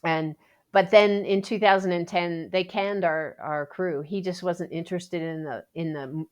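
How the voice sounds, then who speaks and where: A woman from Canada, a Paralympic athlete, speaks slightly slowly in a lowish voice as she tells her story to a podcast host in casual conversation. Lively and animated, she acts out what people said and restarts often.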